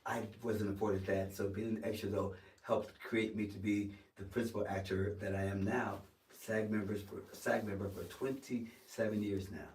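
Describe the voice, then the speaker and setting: A man being interviewed as an actor, telling an animated story with stammering restarts and acting out the quoted lines. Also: lowish voice, normal speed, hardly any pauses. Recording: roomy sound from a distance.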